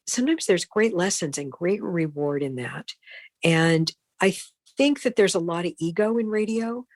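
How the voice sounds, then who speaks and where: A middle-aged woman, a broadcast consultant, telling animated career anecdotes as a podcast guest and acting out the voices of people she quotes. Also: fairly low pitch, no echo. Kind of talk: storytelling in a podcast interview.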